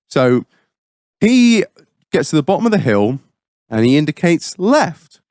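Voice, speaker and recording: Podcast host, man, profane and lively, dry booth sound. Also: fairly high pitch, dry recording. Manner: profane, animated storytelling. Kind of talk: casual chat, storytelling.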